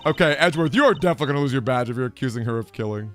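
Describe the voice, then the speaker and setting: A man's voice: medium pitch, animated, very fast, fairly bright tone, faint music behind. A man streaming a video game, chatting casually, reacting aloud and reading out the game's text. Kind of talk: casual let's-play commentary.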